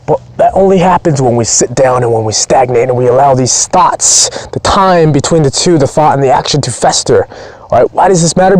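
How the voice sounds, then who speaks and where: A man's voice: mid-range voice, lively intonation, normal speed, a little mellow, no room sound. A man speaking as a performance coach, giving a blunt, profane, pumped-up motivational training talk.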